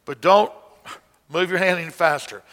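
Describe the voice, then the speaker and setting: A man with a fairly high, slightly bright voice talks at normal speed while teaching song leaders to beat time. The instructor explains conducting, counting aloud and breaking into hymn singing to illustrate the beats in this music lesson. The audio has long hall reverb.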